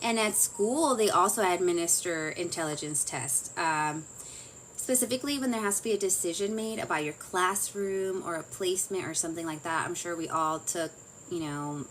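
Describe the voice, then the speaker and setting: A woman's voice: lowish voice, moderate pace, a bit bright, slight background noise, poor audio. A woman giving a casual, chatty psychology lesson, full of fillers and self-corrections. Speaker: psychology teacher. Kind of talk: casual lecture.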